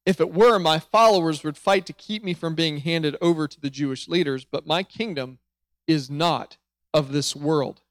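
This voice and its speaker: Man reading calm solemn prisoner-king, measured delivery, fairly high male voice, dry sound. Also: dry recording, natural voice. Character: calm male prisoner claiming a heavenly kingdom.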